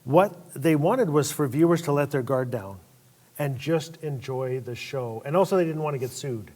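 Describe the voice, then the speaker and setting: A man on a stage panel tells stories with animated energy, acting out other people's voices as he goes. His voice sits a bit high for a man. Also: normal speed. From Northwest Territories, Canada. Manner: animated storyteller who acts out voices. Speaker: panel guest author. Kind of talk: storytelling on a panel. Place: stage at a lecture event.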